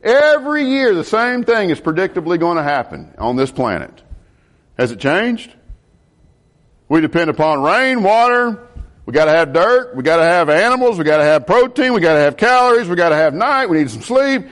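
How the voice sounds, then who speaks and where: A middle-aged man, a pastor preaching a sermon in an animated way and asking the congregation questions. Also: high voice, normal speed.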